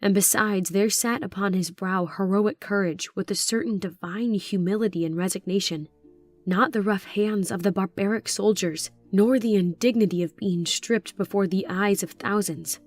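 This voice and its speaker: A woman's voice: medium pitch, natural voice. A woman reading aloud, voicing a male disciple who speaks earnestly and solemnly. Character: calm, reverent male disciple telling what he saw.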